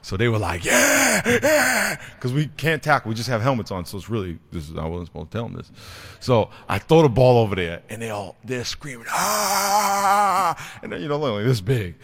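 A man preaching with a somewhat low voice, telling stories with lots of energy. He drops to a hush for serious points, then gets loud and excited. It sounds like a spoken sermon from the pulpit. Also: fast. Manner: animated storyteller, acts out kids' voices, swings from quiet to loud. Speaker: pastor and youth football coach. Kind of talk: sermon with storytelling.

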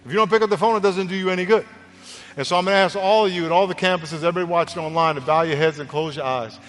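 He talks very fast in a high-pitched, fairly bright voice, an earnest, conversational male pastor preaching and giving an altar call. The church auditorium lends long reverb, and faint music plays.

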